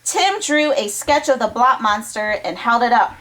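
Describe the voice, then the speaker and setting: Animated woman reading to children. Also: on the high side, normal speed, poor audio. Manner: animated, chatty asides to young listeners. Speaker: children's storytime reader. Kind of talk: reading a chapter book aloud to children.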